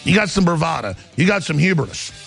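A man's voice: on the high side, big pitch swings, fairly quick, gravelly, faint music behind. A man hosting a talk show, ranting angrily and mockingly in studio commentary, with sneering impressions of others. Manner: angry, mocking, shouting rants with sneering impressions.

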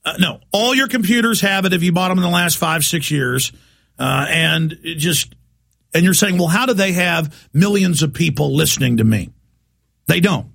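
A man's voice: sits high, vocal fry, fairly bright tone. A man hosting a talk radio show, delivering a heated, emphatic monologue.

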